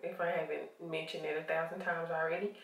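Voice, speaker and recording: A woman's voice: deep voice, flat delivery, a little fast. A sleepy woman with a Southern US accent chatting casually to camera at home, laughing often and calling viewers honey. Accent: Southern US (Arkansas). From Arkansas, USA. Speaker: vlogger. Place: at home, indoors. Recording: roomy, from a distant camera mic.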